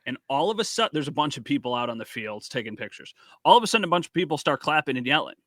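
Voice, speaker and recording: Bright-voiced man telling a story. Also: a little high, racing, dry recording. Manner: animated storyteller, acts out quotes. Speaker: podcast co-host and sports reporter. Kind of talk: casual podcast chat.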